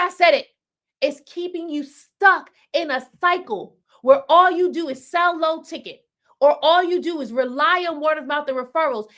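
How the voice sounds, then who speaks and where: A woman's voice: sits high, a bit bright. A woman hosting a live stream as a business coach, speaking emphatically in a preacher-like way and repeating phrases for punch. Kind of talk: motivational live-stream talk.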